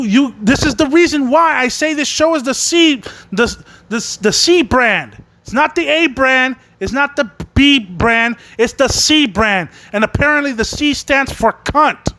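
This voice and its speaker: A man's voice: very high voice, a bit bright. A man hosting a wrestling podcast, recapping a show and ranting angrily with constant swearing. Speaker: podcast host reviewing wrestling. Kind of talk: profane rant recapping a show.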